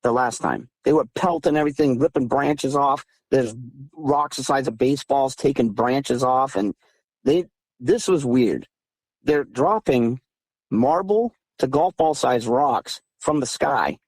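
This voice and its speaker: A man in his thirties from southeastern Massachusetts, a guest recounting encounters over a phone call in an animated, emphatic way that climbs higher when he gets heated. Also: a little slow, no echo. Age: 30s. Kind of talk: casual storytelling interview.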